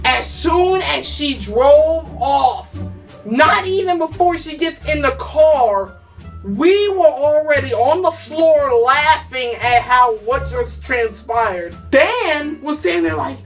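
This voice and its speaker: A woman casually telling a funny story from her youth, animated and jokey, breaking into shouts. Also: sits high, slow, recorded from a distance, soft background music.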